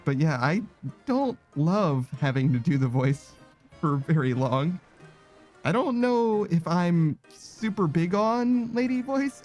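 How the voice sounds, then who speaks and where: A man's voice: fairly high pitch, a little mellow. A man casually chatting with viewers while he plays a game, rambling, self-conscious and laughing often. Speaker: streamer.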